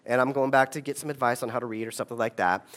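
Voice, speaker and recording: A man's voice: medium pitch, steady tone, racing, a bit bright. A man giving a conversational storytelling talk, often checking in with his audience. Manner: conversational, asks the audience "right?".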